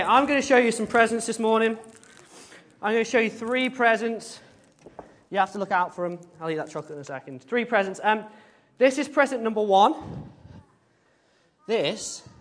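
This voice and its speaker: A man's voice: high-pitched, a bit bright. A man leading an informal all-age church service, chatting with the congregation, often hesitating with ums and playful asides. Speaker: service leader.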